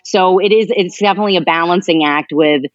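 Woman guest, animated, quick to laugh, dry close lo-fi recording. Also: lowish voice, no echo. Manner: animated, laughs often while talking. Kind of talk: casual podcast conversation.

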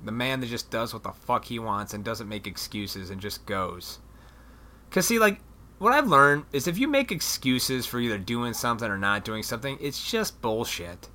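A man rambling in a casual venting monologue to his viewers, swearing freely and animated. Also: medium pitch, moderate pace. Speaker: vlogger.

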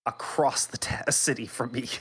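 A man's voice: mid-range voice, fairly even intonation, normal speed, a bit bright, husky, in a whisper. A man co-hosting a gaming podcast in casual chat, teasing and rambling with frequent restarts. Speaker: podcast co-host.

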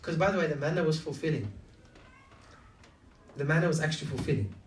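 Fast and animated, at a fairly high pitch, a man preaches in a conversational manner and keeps throwing rhetorical questions at his audience. The room echoes, and the microphone is far from him.

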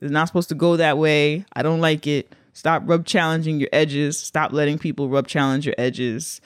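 A woman's voice: deep voice, steady tone, moderate pace, clear, resonant tone, dry recording. A woman co-hosts a podcast in casual chat, talking in long, rambling runs. She leans hard on her points with plenty of emphasis. Her voice sounds close and dry. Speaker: podcast co-host.

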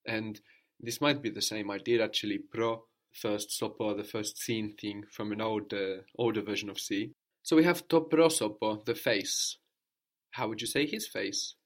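A man's voice: lowish voice, steady tone, moderate pace. Patient man teaching a language lesson. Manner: patient, explanatory, ends points with a questioning "no?".

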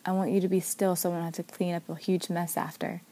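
A woman voicing a smooth-talking male vampire who teases and threatens his prey in a read-aloud story. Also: on the low side, flat delivery, fast talker, dark tone, natural voice. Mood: seductive. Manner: sly, teasing.

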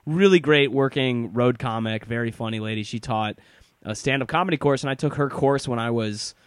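A man hosts a podcast and talks in excited, chatty bursts, breaking into laughs. His voice sits in the middle of the range. The recording is dry and close. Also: mid-range voice, a little fast, smooth, dry recording. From Detroit area. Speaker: podcast host. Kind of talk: casual interview chat.

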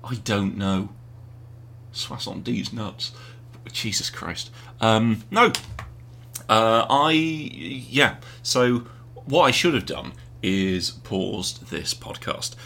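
Man, podcast co-host, rambling, self-mocking, low voice with lively swings, faint hum behind. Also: takes it slowly, gravelly. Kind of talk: casual chat. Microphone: home podcast mic with earpiece.

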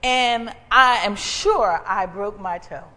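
A woman preacher giving a sermon with personal testimony, animated and conversational, calling out to the congregation. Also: medium pitch, takes it slowly, long reverb tail. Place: church sanctuary.

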